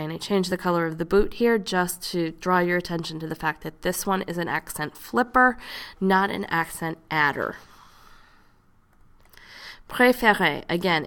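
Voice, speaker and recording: Patient teacher woman, low and gravelly. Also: fairly bright tone. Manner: patient, explains step by step, models pronunciation slowly. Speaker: French teacher. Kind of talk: classroom lesson narration.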